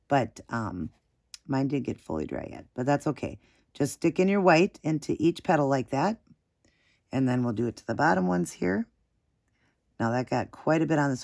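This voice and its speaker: Chatty woman gushing over nail art. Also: low-pitched. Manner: chatty and gushing, talks while working. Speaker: nail art tutorial host. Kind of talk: casual step-by-step tutorial.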